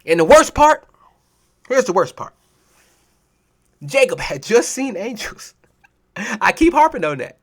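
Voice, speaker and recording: A man's voice: high-pitched, very animated, measured pace, long pauses. A male preacher delivering a sermon, mocking and impassioned, with many rhetorical questions. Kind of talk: sermon with scripture reading.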